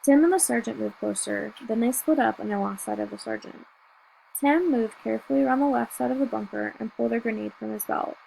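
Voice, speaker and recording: Gravelly woman narrating a novel. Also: on the high side, brisk, warm tone, a little hiss or hum, poor audio. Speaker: audiobook reader. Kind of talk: first-person novel narration.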